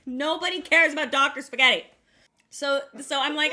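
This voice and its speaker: Bright, animated woman telling a story. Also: sits high, moderate pace. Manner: animated, self-mocking, acts out quotes. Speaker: co-host. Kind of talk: casual storytelling chat.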